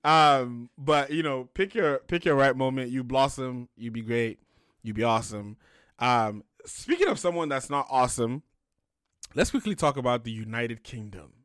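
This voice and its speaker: A man's voice: mid-range voice, lively intonation, moderate pace, fairly bright tone, clean tone, no echo, studio quality. A young man from Nigeria, co-hosting a casual chat, joking and emphatic. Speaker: podcast co-host.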